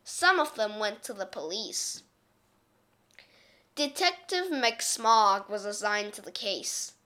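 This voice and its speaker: A woman reading a children's picture book aloud in an expressive, unhurried way. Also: mid-range voice. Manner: expressive, slow, lively reading. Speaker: storyteller.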